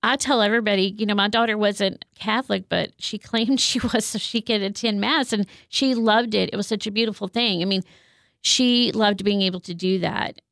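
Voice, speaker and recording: A woman's voice: medium pitch, fairly even intonation, moderate pace, vocal fry, fairly bright tone, no room sound, studio quality. A woman who works as a counselor, speaking in an earnest, heartfelt way about her faith. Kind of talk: reflective faith talk.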